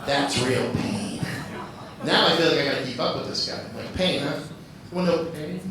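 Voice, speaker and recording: Profane stand-up comic in an echoey club. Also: male voice, a little high, quick pace. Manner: loose, profane, crowd-teasing. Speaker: stand-up comedian hosting open mic. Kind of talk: live stand-up comedy. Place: comedy club. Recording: echoey club, far from mic, audience noise.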